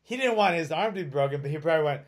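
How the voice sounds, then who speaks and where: A man hosting a podcast, chatting casually and excitably and swearing freely. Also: fairly high pitch, rapid-fire. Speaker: podcast host.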